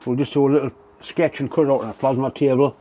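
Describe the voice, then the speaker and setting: Bloke chatting to camera from his workshop, plain-spoken, mellow relaxed voice. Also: medium pitch. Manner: candid, plain-spoken, unhurried. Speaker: workshop vlogger. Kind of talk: casual chat to camera. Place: home workshop.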